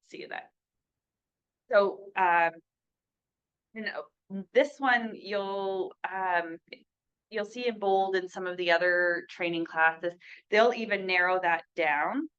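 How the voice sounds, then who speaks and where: A woman's voice: medium pitch, takes it slowly, pauses often, a bit bright. A woman leading a sales training class in a small room. She talks casually and acts out sample sales lines for her listeners. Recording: dull lo-fi recording.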